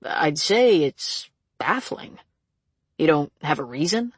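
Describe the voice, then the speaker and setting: A reader voicing a calm, gently probing male sheriff in an audiobook. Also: mid-range voice, takes it slowly, husky, dry recording, full character voice. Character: calm steady man, a rural sheriff. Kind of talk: audiobook character reading.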